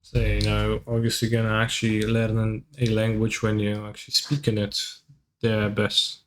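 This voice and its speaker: A man's voice: on the low side, monotone, moderate pace, slight background noise. A man with a Russian accent casually commentating his card game on a live stream, answering chat and swearing offhandedly.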